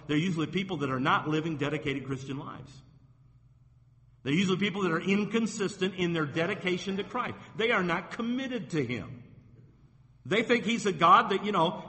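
A male pastor preaches emphatically, reading scripture aloud with rising force. His high voice sounds pushed and bright, ringing through the long reverb of a church hall.

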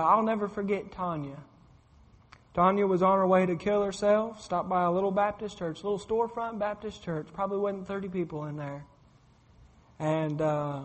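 A man's voice: high voice, long reverb tail. A man preaching a sermon, telling a testimony in a folksy way, full of "I said" and "uh". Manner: folksy storytelling with many fillers and repeated "I said".

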